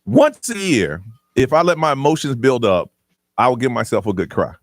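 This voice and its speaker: Lively male radio host, animated storytelling. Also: medium pitch, moderate pace, no room sound, studio quality. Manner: animated storyteller who acts out quoted dialogue and laughs often. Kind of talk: casual morning radio chat. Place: radio studio. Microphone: studio microphone.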